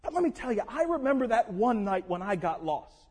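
A man's voice: high-pitched, very animated, a little fast, a little mellow, breathy edge, pitched below the performer's own voice, heavily acted. A man preaching who voices a humble male sheep, telling earnestly how he once got lost. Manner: earnest, confessional storytelling. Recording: long echo of a large hall.

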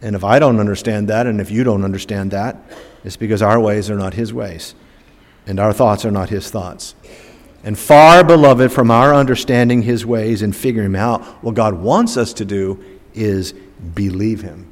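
An older man preaching a sermon, rising emphatic and dropping to soft, slow phrase endings. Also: on the low side. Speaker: pastor. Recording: long hall reverb.

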